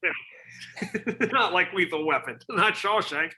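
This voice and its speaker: Man, bright voice, somewhat high, hesitant, earnest, video call guest. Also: lively intonation, takes it slowly. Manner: hesitant, many restarts and fillers, earnest. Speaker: podcast guest. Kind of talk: casual interview over video call.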